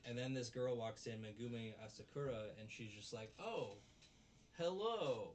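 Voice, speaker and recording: A man casually recapping an anime episode with animated retelling, recorded on a distant mic with faint background noise. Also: mid-range voice, a little fast. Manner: animated retelling, acts out characters' lines. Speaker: anime review host.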